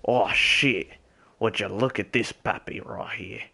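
A young man with a put-on Australian accent, streaming a game in character, rambling, swearing a lot and calling out loudly to other players. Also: fairly low pitch, a little slow, gravelly, slightly rough.

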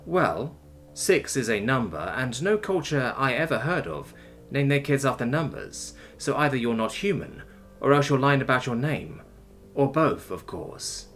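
A man voicing a calm, patient male interrogator who questions mildly and evenly. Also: mid-range voice, measured pace, faint music behind. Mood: calm probing. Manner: mild, even, coaxing questioning.

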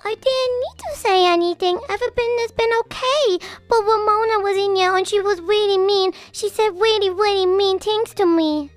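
A woman doing a very high whiny baby girl. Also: normal speed, hardly any pauses, faint music behind. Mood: upset. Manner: childlike and pleading.

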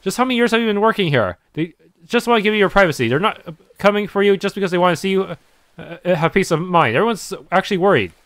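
A man reading as a gently teasing friend. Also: high-pitched, expressive, dry recording. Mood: caring. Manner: halting reading with fillers.

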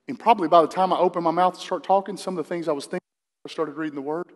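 A man's voice: a little high, fairly even intonation, rapid-fire. A man preaching a sermon to his congregation in a conversational way, asking the room questions. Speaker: pastor. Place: church sanctuary. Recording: long hall reverb.

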